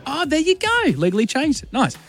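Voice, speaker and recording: A man hosting a radio call-in segment with a notably high voice. He questions the caller in a fast, bantering way and often trips over his words. Faint music sits in the background. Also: sing-song. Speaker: radio host.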